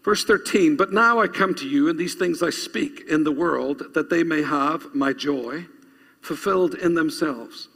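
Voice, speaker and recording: A man's voice: fairly high pitch, measured pace, vocal fry, a bit bright, husky. A male pastor preaching a sermon, reading scripture aloud and urging the congregation to repeat lines after him. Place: church. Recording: long reverb of a church hall.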